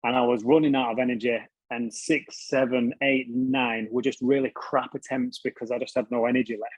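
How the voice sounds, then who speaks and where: A man's voice: medium pitch, flat delivery, a little fast, dry recording, highs cut off. A British man telling stories as an interview guest, casually, swearing freely and laughing at himself. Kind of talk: casual storytelling.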